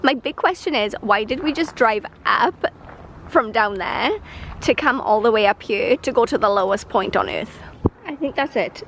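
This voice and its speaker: Giggly high-voiced woman vlogging. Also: normal speed, noisy background. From United Kingdom. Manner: giggly, excitable storytelling. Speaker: travel vlogger. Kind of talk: casual travel vlog chat. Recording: loud background music.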